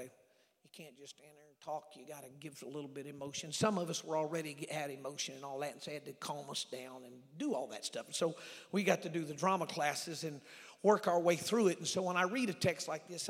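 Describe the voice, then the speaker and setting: A man in his sixties preaching a sermon as an evangelist, emphatic and acting out scripture, calling on the congregation to answer. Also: a little high. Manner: emphatic, acts out scripture voices, calls congregation responses. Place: church sanctuary. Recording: long echoing church hall.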